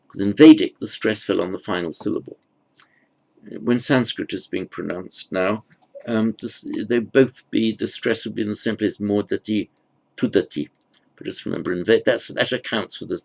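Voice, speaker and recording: Low gravelly guy teaching grammar, slow, lots of ums and self-corrections. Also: darkish tone. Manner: thinking aloud, with fillers and self-corrections. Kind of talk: grammar lecture.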